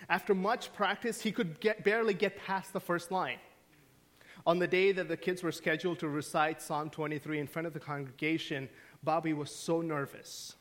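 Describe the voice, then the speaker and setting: A man preaching a sermon as pastor, telling stories and swinging from hushed, quiet lines to emphatic questions. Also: on the high side, steady tone, moderate pace. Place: church sanctuary.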